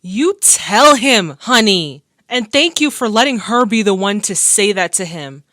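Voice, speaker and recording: A woman hosting a movie reaction video, excitable and laughing, talking back to the screen in casual commentary. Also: medium pitch, a little slow.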